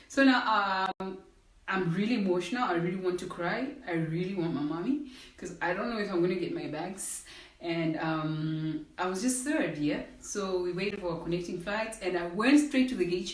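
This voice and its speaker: A young woman from Zimbabwe tells a casual story straight to her viewers and acts out the other people's voices as she goes. Her voice sits at a middle pitch for a woman. The room gives it a noticeable echo. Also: recorded from a distance. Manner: animated storytelling, acting out quoted voices, addresses viewers as "guys". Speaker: vlogger. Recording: roomy echo.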